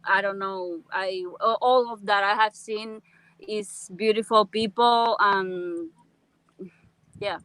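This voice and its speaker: Slow-talking bright-voiced woman host. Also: mid-range voice, fairly even intonation, clean tone, dry recording, rough recording. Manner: slow, halting speech. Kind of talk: casual chat.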